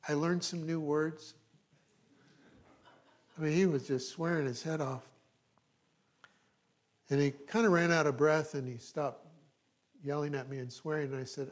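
A man's voice: a little high, fairly even intonation, a little slow, long pauses. A middle-aged male pastor preaching a sermon in a conversational way, with asides and frequent check-ins with the congregation.

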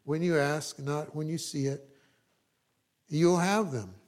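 A man's voice: a little high, steady tone, takes it slowly, a little mellow. A middle-aged male pastor preaching a sermon in a conversational way, with asides and frequent check-ins with the congregation.

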